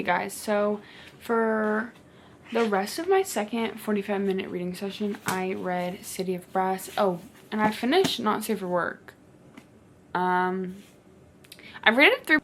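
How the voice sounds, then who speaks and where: A woman's voice: mid-range voice, a bit bright, slight background noise. A woman book vlogger chatting casually about her reading, theatrical and full of "like". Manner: chatty and theatrical, heavy use of "like". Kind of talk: casual reading vlog chat.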